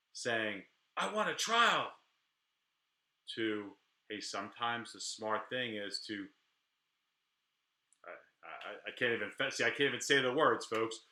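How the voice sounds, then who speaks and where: A middle-aged man, a criminal defense attorney, talking candidly to camera in a rambling, animated way with frequent restarts. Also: fairly low pitch, echoey room. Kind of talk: casual talk to camera.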